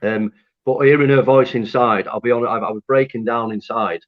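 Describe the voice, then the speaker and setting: A man from Lancaster, telling his story to an interviewer in an animated, candid way, swearing freely and laughing at himself. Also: mid-range voice, a little fast. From Lancaster, North West England. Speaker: interview guest. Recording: dull lo-fi audio.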